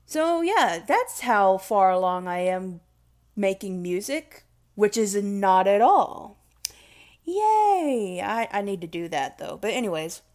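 A woman's voice: mid-range voice, big pitch swings, takes it slowly, a little mellow. A young woman rambling casually and emotionally in a vlog, self-deprecating and swearing freely. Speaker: vlogger.

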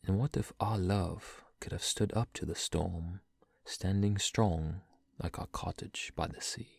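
A young man reading poems aloud in a soft, slow, breathy whisper, in the style of ASMR. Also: deep voice, fairly even intonation, no echo, studio quality. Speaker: poetry reader.

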